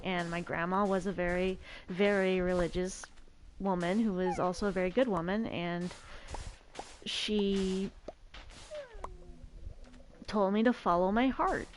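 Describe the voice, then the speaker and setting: A woman's voice: on the low side, slight background noise. A young woman streaming, chatting casually as she plays a survival game, telling a rambling story full of stammered restarts. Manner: rambling storyteller who stammers and repeats words. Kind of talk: casual chat while playing a survival game.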